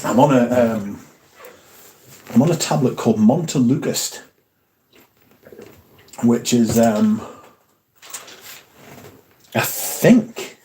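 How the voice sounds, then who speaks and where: A man's voice: mid-range voice, slow pace, pauses often, dark tone, a little hiss or hum. A man hosting a casual livestream from home, rambling and swearing freely as he reads viewer comments aloud and answers them. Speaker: fragrance livestream host.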